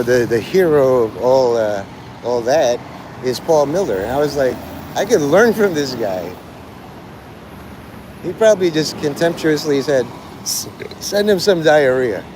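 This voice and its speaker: Man, live streamer, crude sardonic rambling, animated voice, noisy street. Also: fairly high pitch.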